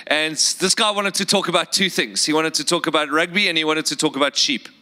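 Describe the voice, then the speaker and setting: A man's voice: a little high, quick pace, sharp tone. A man with a South African accent preaching a sermon earnestly, with repeated words and rhetorical questions. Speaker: pastor.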